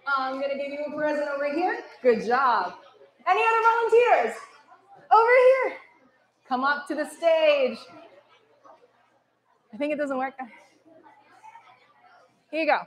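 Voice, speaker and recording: A woman's voice: high-pitched, big pitch swings, unhurried, long pauses. A young woman, a visiting radio presenter, leading schoolchildren through tongue twisters in an upbeat, encouraging way, often laughing. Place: school hall with children. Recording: echoey hall with children's chatter.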